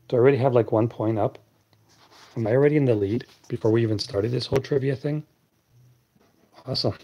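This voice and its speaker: A man hosting a late-night live stream, chatting casually and answering viewers' comments in a deep, clear voice. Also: highs cut off.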